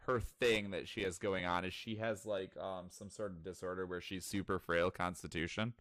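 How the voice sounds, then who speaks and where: A man with a very low voice chats casually, recapping a story in an animated, swearing way. The sound is very close and dry, with no room around it. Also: moderate pace, no room sound. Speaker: podcast co-host. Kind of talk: casual chat.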